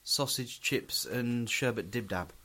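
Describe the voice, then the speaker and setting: A man's voice: medium pitch, slow pace, bright, forceful tone. A man co-hosting a podcast, chatting casually with dry, crude humour. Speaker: podcast co-host. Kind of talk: casual chat.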